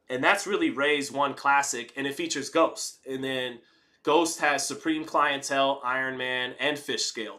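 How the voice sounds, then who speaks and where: A man's voice: mid-range voice, bright, forceful tone. A man hosting a live fight-commentary stream, reading chat messages aloud in a laid-back way that slides between formal talk and slang. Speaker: livestream host reading chat.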